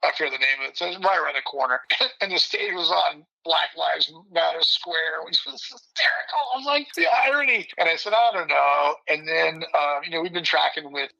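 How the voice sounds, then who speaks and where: An older man telling stories as a podcast guest in a brash, animated way, often mimicking other people. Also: a little high, brisk, vocal fry, poor audio. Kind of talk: casual storytelling interview.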